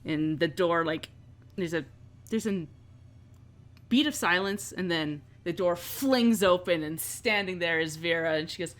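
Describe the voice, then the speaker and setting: A woman's voice: lowish voice, a little slow. A woman narrating as game master in a tabletop game, in a loose, filler-heavy way.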